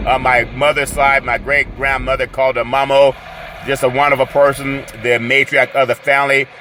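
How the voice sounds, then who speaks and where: A man hosting a solo sports podcast, talking in a loud hype-man style full of catchphrases and his own laughter. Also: medium pitch, level tone, moderate pace. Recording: loud street and car noise behind.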